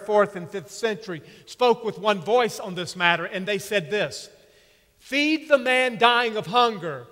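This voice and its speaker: A man preaching a sermon with slow, emphatic delivery and dramatic pauses. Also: sits high, a bit bright. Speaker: pastor. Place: church sanctuary. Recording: long reverb of a church hall.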